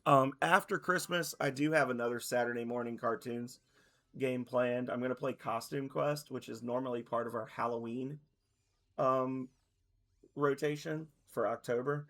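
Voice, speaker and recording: A man in his thirties chatting casually on a stream, rambling and correcting himself, his voice a little hoarse. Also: mid-range voice, fairly even intonation, moderate pace, a bit bright. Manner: rambling, loose, self-correcting. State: slightly hoarse.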